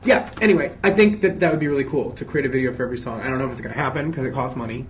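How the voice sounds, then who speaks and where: Male singer, mid-pitched, casual fan Q&A: reads the questions himself and answers chattily, with frequent restarts. Faint background hiss. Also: rapid-fire. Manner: chatty and expressive, often restarting sentences. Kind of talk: casual live Q&A, reading questions aloud.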